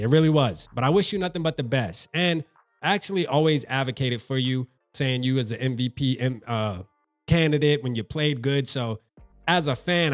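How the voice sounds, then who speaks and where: A man's voice: mid-range voice, no echo. A man giving casual fan commentary on a vlog, slangy and talking straight to the listener. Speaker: sports fan vlogger.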